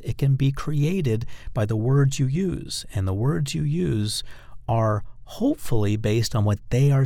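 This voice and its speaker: A man's voice: medium pitch, mellow, dry recording, studio quality. A man giving an instructional talk on dating persuasion, speaking directly to the listener and acting out example phrases. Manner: demonstrates phrases by acting them out; direct, coaching address to the listener.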